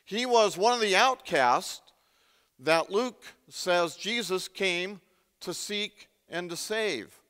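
A male pastor delivers a sermon in a fairly high, bright, forceful voice. He preaches conversationally and keeps quizzing his listeners. The sound rings with a long reverb, like a big hall. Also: clean tone.

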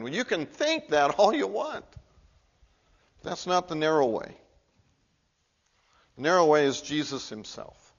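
A male pastor preaching an earnest sermon in a church, swinging from emphatic peaks to low, quiet appeals. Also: very animated, unhurried, long pauses. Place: church sanctuary. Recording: muffled, lo-fi recording.

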